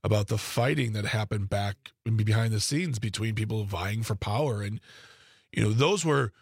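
Male political commentator, gravelly and a bit husky, casual conversational delivery with restarts, dry sound. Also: on the low side, normal speed, no echo. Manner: conversational, with frequent restarts and asides.

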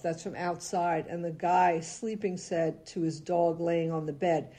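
A woman co-hosting a radio show in a studio, chatting casually and reading jokes in an animated, laughing way. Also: on the low side, a little slow, few pauses.

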